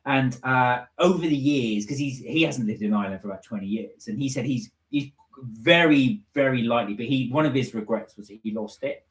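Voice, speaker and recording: A man's voice: medium pitch, brisk, hardly any pauses, roomy sound. A man co-hosting a casual live stream, reading viewer comments aloud and teasing them. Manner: reads out chat messages, chatty and teasing.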